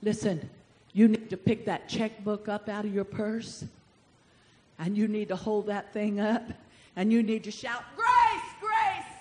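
A woman pastor preaching a fervent sermon, drawing answers from the congregation and rising to shouts. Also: mid-range voice, little pitch movement, measured pace. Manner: call-and-response with congregation.

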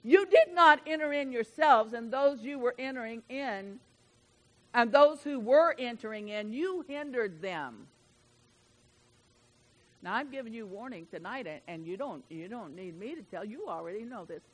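A woman preaching a sermon in a folksy, emphatic way, swinging from loud declarations to soft asides. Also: fairly high pitch, expressive, moderate pace, poor audio.

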